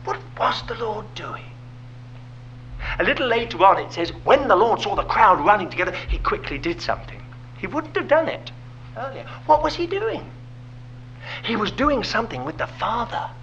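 A man's voice: sits high, sing-song, normal speed, pauses often, fairly bright tone, highs cut off, a little hiss or hum. A man preaching a sermon, asking rhetorical questions and dropping to a whisper for emphasis.

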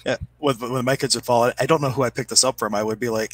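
A middle-aged man talking casually as a co-host, spinning anecdotes and laughing easily. He slips into other people's voices when he quotes them, and his pitch sits in a plain middle range. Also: steady tone, fast talker, fairly bright tone, no room sound, rough recording. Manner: storytelling, laughs often, acts out quoted voices. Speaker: energy healing practitioner and podcast co-host. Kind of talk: casual conversation.

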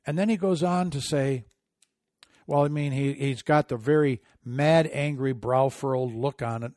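A middle-aged man delivering political commentary with a sarcastic, indignant edge that swells into loud outrage. His voice sits in an ordinary middle range. The recording is dry and close, with no room echo. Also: mid-range voice, moderate pace. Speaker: commentary host.

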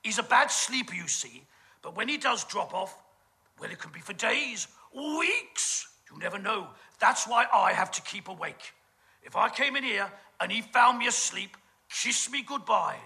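A British man delivers a camp, gossipy stage comedy monologue packed with innuendo. His voice sits high and creaky, bright and forceful, and he sounds animated yet unhurried.

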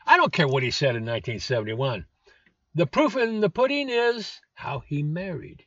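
A man's voice: fairly high pitch, very animated, normal speed, pushed and bright, dry recording. A man in his seventies hosting a political commentary show, blunt and scornful, with lots of "uh" fillers. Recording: dull lo-fi dry recording.

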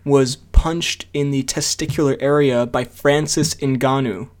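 A man's voice: mid-range voice, fairly even intonation, a little slow. A man co-hosting a casual podcast chat, joking and laughing often. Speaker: podcast co-host.

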